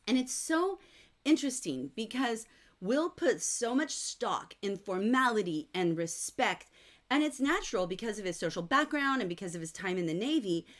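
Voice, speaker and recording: A middle-aged woman teaching a livestreamed literature lesson, chatty and explanatory, often filling pauses with "um" and "like". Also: medium pitch, big pitch swings. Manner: chatty, explanatory, frequent fillers like "um" and "like". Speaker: teacher leading a novel study.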